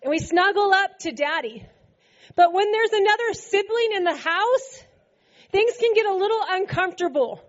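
A woman's voice: extremely high pitch, lively intonation, moderate pace, highs cut off. A woman preaching a sermon to a congregation, playful and laughing often as she acts out scripture quotes. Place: church service before a congregation.

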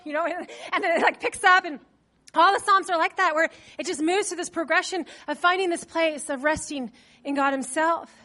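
A woman's voice: very high voice, normal speed, bright, forceful tone. A woman preaching a sermon to her congregation in a chatty way, putting questions to them and using many fillers. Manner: conversational, asks the congregation questions; loose with fillers.

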